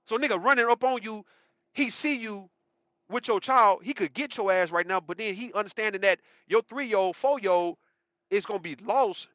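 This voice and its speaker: Man, high bright voice, rambling profane commentary, dry muffled sound. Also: normal speed, no room sound. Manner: rambling, profane, emphatic, repeats himself. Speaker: commentary channel host. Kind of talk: casual commentary monologue.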